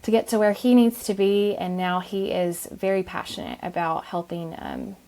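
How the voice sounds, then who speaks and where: Podcast guest, woman, thirties, low gravelly voice, soft and halting delivery. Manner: soft-spoken, many ums and restarts. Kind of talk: conversational interview.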